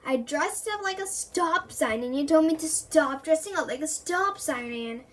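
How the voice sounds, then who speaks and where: A woman's voice: sits high, lively intonation, normal speed, distant mic, slight background noise. A woman reading the lines of a playful, teasing boy who loves pranks, in an ordinary storybook reading voice. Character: playful boy Terry, joking prankster friend.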